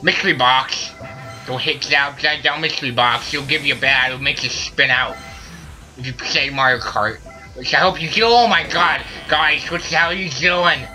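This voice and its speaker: A man's voice: mid-range voice, normal speed. Man, let's play commentary, put-on silly voice, frustrated ranting, piercing tone. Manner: loud, frustrated ranting at teammates. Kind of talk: casual game commentary. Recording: faint game music behind. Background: game music.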